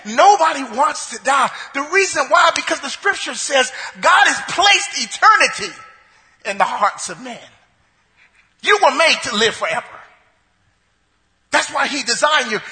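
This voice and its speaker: A man delivers a sermon in a very high, ringing voice. He preaches emphatically, repeating phrases and rising to shouts. His voice trails into the long reverb of a large hall. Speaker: pastor.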